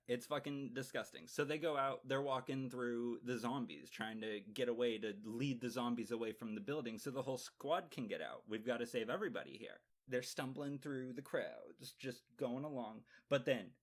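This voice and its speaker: Campy sarcastic male reviewer. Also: mid-range voice. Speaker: TV show reviewer. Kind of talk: casual comedic episode recap.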